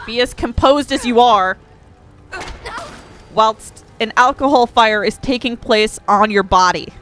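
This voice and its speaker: A woman hosting a let's play, giving excitable, sarcastic gameplay commentary, swearing freely and yelling at enemies. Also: on the high side.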